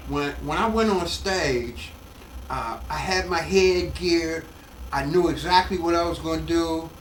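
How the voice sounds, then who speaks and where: An older male comedian telling an animated story in an interview at home, acting out the voices, recorded off-mic in an echoey room. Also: a little high, unhurried, recorded from a distance, slight background noise. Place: his home.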